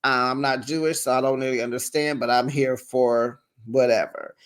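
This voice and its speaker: A host recapping reality TV episodes in a chatty, sassy way, with drawn-out asides. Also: mid-range voice, steady tone. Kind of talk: casual recap commentary.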